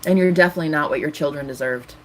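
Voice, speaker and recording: A woman's voice: sits low, very fast, slight background noise. Angry ranting woman in her thirties. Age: 30s. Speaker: tarot reader streamer. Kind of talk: live stream monologue.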